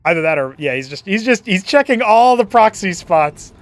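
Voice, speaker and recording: In a high-pitched voice with big pitch swings and no echo, a young esports caster delivers solo play-by-play of a strategy game. He chats playfully, throws in quick asides, and laughs at his own jokes.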